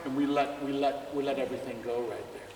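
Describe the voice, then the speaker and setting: A man's voice: mid-range voice, steady tone, quick pace, darkish tone, recorded from a distance, faint music behind. Man teaching in an echoey hall. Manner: conversational, asks students questions, laughs often. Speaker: visiting jazz trumpet clinician. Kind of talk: teaching a clinic. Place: school music room or hall.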